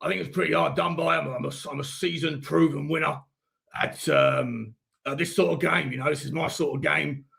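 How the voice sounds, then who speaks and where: A man doing a comic impression of a gruff middle-aged male football manager, deep and gravelly, slow and self-assured with halting fillers. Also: steady tone, fairly bright tone.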